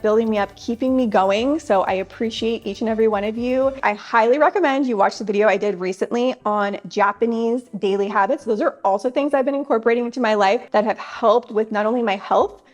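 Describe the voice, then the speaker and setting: A woman's voice: a little high, a little mellow. A woman in her thirties sharing wellness tips straight to camera, earnest and chatty, speaking directly to her viewers. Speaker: self-help vlogger.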